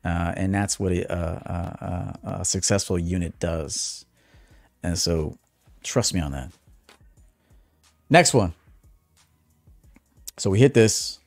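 A man hosting a livestream as a dating coach, talking bluntly, swinging from low muttered asides to loud emphatic bursts. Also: takes it slowly, creaky, pauses often, dry recording, clean studio sound, soft background music. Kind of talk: casual livestream monologue.

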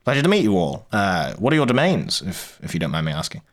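A man's voice: low-pitched, big pitch swings, quick pace. A man voicing a huge, friendly, scatterbrained female tinkerer who stammers and forgets what she has said. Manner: chatty, stammering, laughs at own slips.

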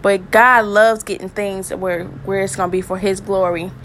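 A woman's voice: mid-range voice, steady tone, normal speed, fairly bright tone, a little hiss or hum. A woman hosting a podcast, preaching and praying fervently, repeating phrases with emotion. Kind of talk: impassioned spoken sermon and prayer.

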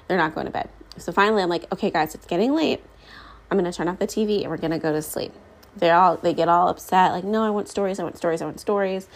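Low-voiced mom rambling through a story. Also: female voice, vocal fry, poor audio. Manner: rambling, with many fillers and self-corrections. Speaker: podcast host. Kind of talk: casual storytelling monologue.

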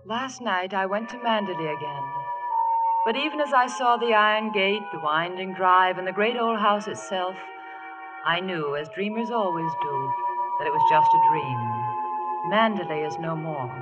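A woman's voice: on the low side, moderate pace, over loud music, lightly acted. A woman playing a timid, stammering young woman. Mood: wistful. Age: young adult. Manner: stammering, breathless and hesitant. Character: shy, poor young woman, nervous and timid. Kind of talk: 1940s radio drama acting. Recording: dull old radio recording.

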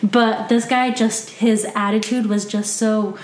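A woman who works as a massage therapist, chatting casually and telling lively stories from work, acting out what people said. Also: mid-range voice, unhurried. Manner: animated storyteller, acts out quotes. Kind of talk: casual podcast chat. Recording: echoey room.

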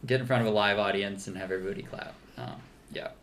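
A man's voice: lowish voice, fairly even intonation, quick pace, a bit bright, a little hiss or hum. Man co-hosting a casual recap podcast. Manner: laughs often, many fillers and restarts. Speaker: podcast co-host. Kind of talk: casual chat recapping a show.

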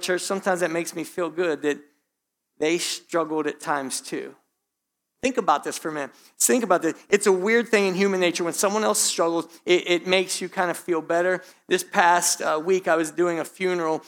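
A male pastor, slightly hoarse, preaching a sermon in a conversational way, speaking straight to the congregation and repeating his points. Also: sits high, fairly bright tone. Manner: conversational, direct address to the congregation, frequent repetition.

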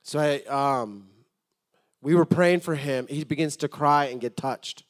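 Preaching to his congregation in an unhurried, slightly high voice, a man swings from loud appeals into quiet, hushed storytelling. He often repeats words when starting a thought.

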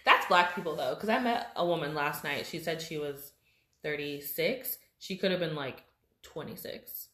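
A woman's voice: low-pitched, moderate pace, pushed and bright. A woman co-hosting a casual chat, teasing and sarcastic, laughing often. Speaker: podcast co-host. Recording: echoey room.

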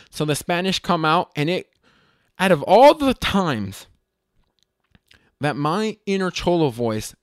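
A man casually telling a funny story, animated and self-mocking, swearing freely and often restarting his sentences. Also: mid-range voice, smooth, no room sound, studio quality.

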